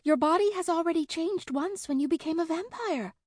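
A woman's voice: very high voice, fairly quick, no echo, studio quality, pitched above the performer's own voice. A woman doing a stern, childlike ancient vampire girl. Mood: exasperated. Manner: impatient, exasperated.

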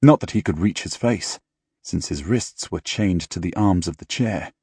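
A man reading an audiobook in measured, dramatic storytelling style, close to a studio mic. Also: low voice, warm tone, husky, dry recording. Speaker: audiobook narrator. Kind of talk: scripted audiobook narration.

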